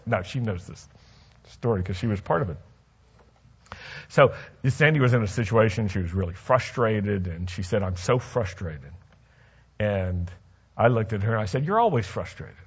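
A man's voice: lowish voice, unhurried, long pauses, husky, dull audio. A man preaching a sermon in a conversational way, asking the congregation questions and telling stories from his own life. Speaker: pastor.

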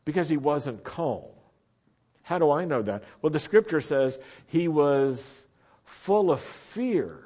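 A man preaching a sermon with lively, animated delivery that swings from quiet asides up to sudden shouts. His voice sits in the middle range for a man. The recording is dull and lo-fi. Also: mid-range voice, breathy edge. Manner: animated, rising to shouts for emphasis. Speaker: pastor.

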